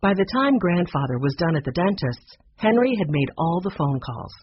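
Male reader, fairly high and lively, husky tone, storybook narration, lo-fi muffled audio. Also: moderate pace. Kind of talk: children's book narration.

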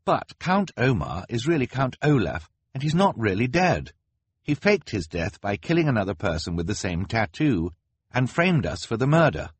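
A man's voice: medium pitch, big pitch swings, moderate pace, breathy edge, dry recording, pitched above the performer's own voice. A man reading aloud, voicing an anxious teenage girl who is the eldest of three orphans, with a pleading, urgent delivery.

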